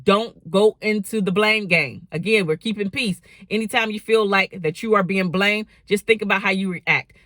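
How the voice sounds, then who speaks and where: A woman's voice: mid-range voice, moderate pace, hardly any pauses, a bit bright, no echo. Woman, relationship advice vlog, emphatic, slangy, repeats herself, dry sound. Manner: emphatic, preachy, repeats key phrases, uses slang. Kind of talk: casual motivational advice talk.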